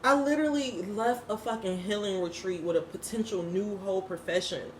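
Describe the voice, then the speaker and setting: A woman's voice: mid-range voice, a little fast, echoey room, a little hiss or hum. A woman speaking who gives a casual inspirational talk, emphatic and slangy, swearing freely and laughing often. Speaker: spiritual vlogger and host.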